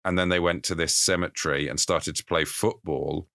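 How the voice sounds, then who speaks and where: A man's voice: deep voice, fairly even intonation, normal speed, vocal fry, fairly bright tone, dry recording. A man co-hosting a podcast, making dry, wry jokes in casual comedic chat. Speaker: podcast co-host.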